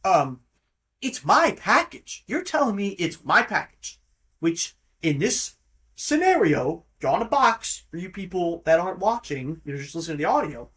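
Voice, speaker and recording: Man, podcast host, husky voice, animated swooping delivery, profane mocking rant. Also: high voice, moderate pace. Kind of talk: casual storytelling monologue.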